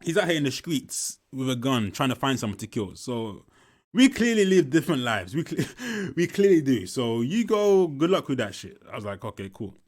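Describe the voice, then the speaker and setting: A man's voice: mid-range voice, sing-song, moderate pace. A young man, telling a school story casually while commenting on a film, swearing often and repeating himself. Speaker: movie reaction commentator.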